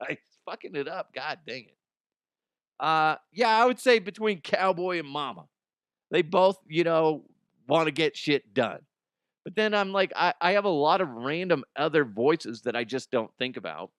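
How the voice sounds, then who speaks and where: A man's voice: fairly high pitch, animated, moderate pace, fairly bright tone, smooth, no room sound, studio quality. A man hosting a comedy podcast, reading listener mail in a crude, irreverent way, often laughing. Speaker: podcast host.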